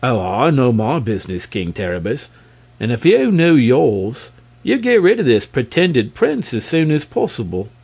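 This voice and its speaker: A man's voice: medium pitch, very animated, measured pace, gravelly, darkish tone, husky, heavily acted. A man reading aloud and voicing a proud, fussy male dragon who speaks in a prim, reproachful, pompously polite way. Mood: indignant.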